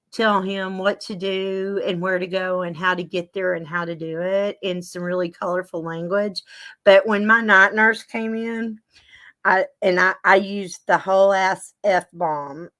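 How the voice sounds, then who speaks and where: A woman's voice: medium pitch, steady tone, measured pace, pushed and bright. A woman, chatting and telling a story to her viewers as a show host. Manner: chatty storytelling, reading viewer comments aloud. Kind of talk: casual chat to a live audience.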